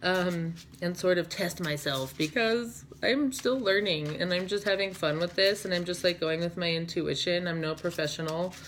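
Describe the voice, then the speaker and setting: A woman's voice: fairly low pitch, normal speed, few pauses, a little hiss or hum. A young woman giving a casual tarot reading to her viewers, rambling and dreamy, full of "like" and "you know". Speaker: tarot reader.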